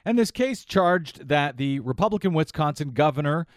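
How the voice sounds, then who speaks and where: Male talk radio host, political commentary, indignant, emphatic, very animated pitch, dry studio sound. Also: normal speed, no echo. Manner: indignant, emphatic, repeats phrases.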